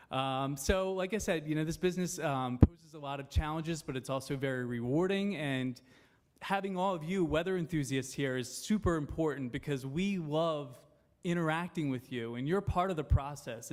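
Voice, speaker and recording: A man's voice: mid-range voice, darkish tone. A man, a TV meteorologist, introducing himself to a seminar audience in a chatty way with plenty of fillers and asides. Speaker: TV meteorologist on a panel. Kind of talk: informal panel introduction. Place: seminar room before an audience.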